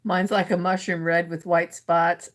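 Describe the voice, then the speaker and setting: Woman, livestream host, slow talker, teasing, laughs a lot. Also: lowish voice, level tone. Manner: laughs often, playful and teasing. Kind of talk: casual livestream chat, reading roast jokes from chat.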